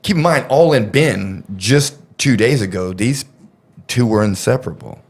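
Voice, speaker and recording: A man's voice: lowish voice, lively intonation, moderate pace, a little mellow, breathy edge. A man casually telling a story on a podcast, rambling and profane, with lots of fillers.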